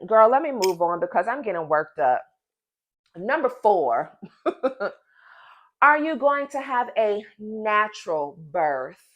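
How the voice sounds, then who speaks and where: A pregnant woman in her thirties venting to camera in a casual vlog, emphatic and animated, talking straight to her viewers. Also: fairly low pitch. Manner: emphatic and animated, addresses viewers as "y'all" and "girl". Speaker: vlogger.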